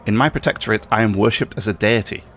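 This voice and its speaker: A man's voice: lowish voice, fast, a bit bright, a little hiss or hum, close to an everyday voice. A man reading a grandiose self-styled goddess. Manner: reads game dialogue aloud in a plain tone. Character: grandiose female ruler demanding worship as a goddess.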